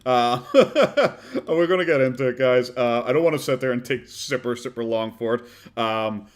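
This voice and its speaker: A man's voice: medium pitch, normal speed. Irish guy rambling through a watchalong, mocking, laughs a lot. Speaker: streamer commenting on a podcast. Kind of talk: casual watchalong commentary.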